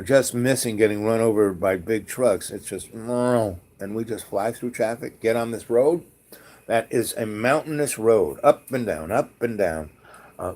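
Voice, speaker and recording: Male storyteller, lowish voice, casual rambling anecdote with lively acted-out quotes.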